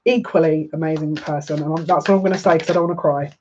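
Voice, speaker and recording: A woman's voice: sits low, fairly even intonation, fast talker, a little mellow, highs cut off, a little hiss or hum. A woman giving a live-stream tarot reading, chatty and emotional, talking back to viewer comments. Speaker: psychic reader.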